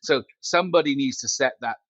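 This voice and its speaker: A man's voice: mid-range voice, a little fast, a bit bright, breathy edge, no room sound. Joking man on a dull headset mic. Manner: joking, self-mocking, rambling with fillers. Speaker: company CEO guest. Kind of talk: casual interview chat. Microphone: glasses-frame headset mic.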